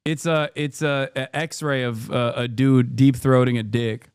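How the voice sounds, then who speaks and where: A man streaming casual reaction commentary, ranting in an animated, profane, rambling way into a close mic. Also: medium pitch, a little slow, clear, resonant tone, dry recording. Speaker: streamer host.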